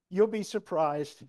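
A man preaching a personal testimony, acting out dialogue and swinging from soft to loud. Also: high voice. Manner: animated, acts out dialogue, big swings in loudness. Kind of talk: sermon storytelling.

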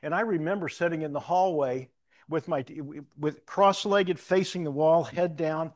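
An older man preaching in a loose, conversational way, drifting into personal stories and restarting his sentences. His voice sits a little higher than most men's. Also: moderate pace. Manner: rambling, conversational, with self-interrupting restarts. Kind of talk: informal sermon with personal stories.

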